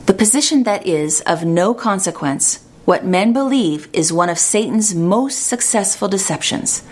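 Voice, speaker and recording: A woman delivers an earnest sermon at a measured pace. She slows down to stress her key points, and her pitch sits in the middle range. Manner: earnest, measured preaching with slowed emphasis. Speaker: preacher.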